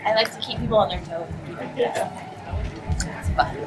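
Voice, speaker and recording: A young adult woman, a voice actress, telling bubbly, animated stories at a convention press conference. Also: mid-range voice, a crowd in the background, poor audio. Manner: bubbly, animated storytelling with quick asides. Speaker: voice actress and anime script writer, guest. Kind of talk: casual press conference answers. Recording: music playing in the background.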